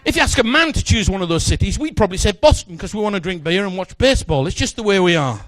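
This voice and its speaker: A man's voice: sits high, expressive, quick pace, dry recording. A man performing a magic routine, chatting jokily with a volunteer from the audience on stage. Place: stage in front of a live audience.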